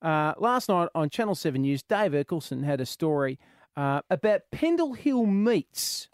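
Lively Australian man hosting talkback. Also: a little high, clean tone, no echo, clean studio sound. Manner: animated, jokey, quick to laugh. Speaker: radio talkback host. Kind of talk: talkback radio chat.

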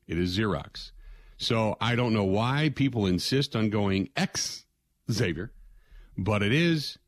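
A man's voice: on the low side, no room sound. An older man from southwestern Ohio hosting a sports radio show, talking casually in a rambling way that circles back on itself with "man, oh man" exclamations.

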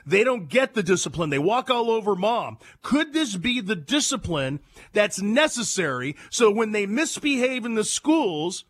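A male talk radio host delivers an emphatic monologue full of rhetorical questions. His voice sits high and bright, and it swings widely in pitch as he tells stories. His delivery is lively and sharp. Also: no room sound.

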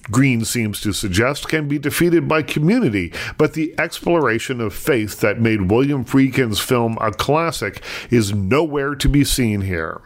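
A man's voice: medium pitch, lively intonation, measured pace, hardly any pauses. A man, the show's film critic, delivering a scripted review with dry wit.

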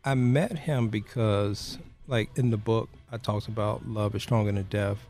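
A man speaks as an interview guest, walking through a personal story in a low, mellow voice. He talks in a halting way, leaning on "you know" between phrases. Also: fairly even intonation.

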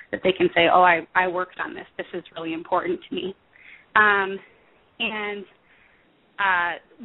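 A woman in her thirties speaks as a guest over a tinny, phone-like line. Her pitch sits in a middle range. She talks thoughtfully, pausing on fillers and correcting herself as she explains her work. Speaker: music therapist guest. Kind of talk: interview answers.

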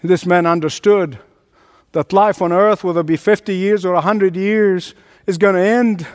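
A man's voice: high-pitched, fairly even intonation, moderate pace, long reverb tail. A man preaching a sermon as pastor, emphatic and repeating his phrases for force.

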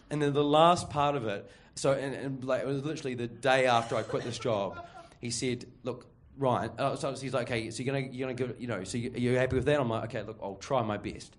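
A man's voice: mid-range voice, brisk, hardly any pauses, a bit bright, slight background noise. A man telling a story live to an audience, rambling with lots of fillers, laughing and acting out other people's voices.

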